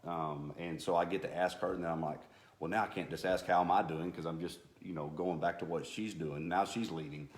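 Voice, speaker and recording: Deep-voiced man, echoey room. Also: steady tone. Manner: halting, self-deprecating, frequent restarts. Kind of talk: sermon-style couple talk.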